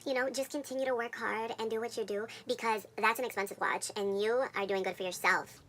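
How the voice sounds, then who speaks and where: A man voicing a frazzled old woman who begs and flatters in a breathy, fawning way. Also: high-pitched, fairly quick, slight background noise, pitched above the performer's own voice. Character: pleading frazzled old woman begging for a cigarette.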